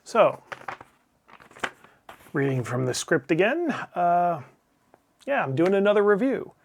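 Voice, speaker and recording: A middle-aged man reads his own scripted movie review as the host of his channel, slightly high in pitch. He is blunt and profane, tossing off wry asides as he goes. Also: sing-song, slow, creaky, slight background noise. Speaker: channel host, game publisher. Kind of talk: scripted opinionated film review.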